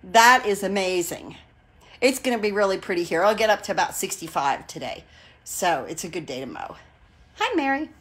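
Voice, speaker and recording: A woman in her sixties chats her way through a live crafting stream, wandering off topic and greeting viewers by name. Her voice sits at an ordinary middle pitch, warm-hearted and gushing, with plenty of fillers as she talks. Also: sing-song, moderate pace. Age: 60s. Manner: gushing and enthusiastic. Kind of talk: casual live-stream chat.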